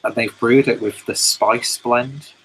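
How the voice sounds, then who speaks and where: Male co-host with a bright voice, relaxed chat and label reading, faint background hum. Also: medium pitch, unhurried, rough recording. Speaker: podcast co-host. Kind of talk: casual chat.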